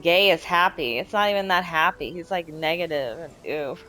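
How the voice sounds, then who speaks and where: A woman's voice: on the low side, moderate pace, bright, forceful tone, low-quality recording. Woman ranting casually while gaming. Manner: rambling, heated and profane. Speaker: game streamer.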